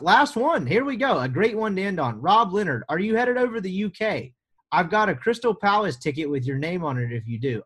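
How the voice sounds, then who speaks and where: A young adult American man hosting a sports podcast in a casual, joking, rambling way. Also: on the high side. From United States. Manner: joking, rambling, sarcastic asides. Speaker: podcast host.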